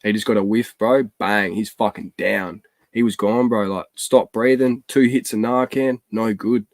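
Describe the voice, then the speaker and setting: A man hosting a casual chat, excitable and slangy, swearing often. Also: on the low side, normal speed, dry recording.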